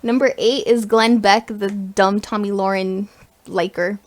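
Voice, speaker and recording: Animated young woman telling a story. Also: medium pitch, unhurried. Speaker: podcast co-host. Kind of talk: casual chat and storytelling.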